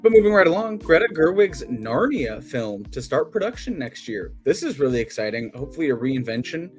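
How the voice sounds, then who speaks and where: A man's voice: on the high side, very animated, a little fast, faint music behind. Easygoing man reading movie news. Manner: easygoing, reads headlines. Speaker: co-host. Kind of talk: casual movie news chat.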